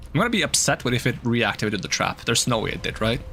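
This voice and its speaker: A man's voice: medium pitch, very animated, fast, gravelly, bright, forceful tone, slight background noise. A man streaming a video game, playfully joking, teasing the enemies and chatting to himself as he plays. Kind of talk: live gameplay commentary.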